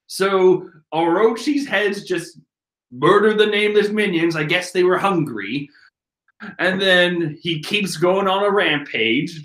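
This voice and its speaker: Animated, joking man reading manga aloud. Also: a little high. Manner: animated, profane, joking, swinging between mumbling and shouting. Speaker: manga reader and commentator. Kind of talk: comedic manga reading commentary. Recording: roomy echo.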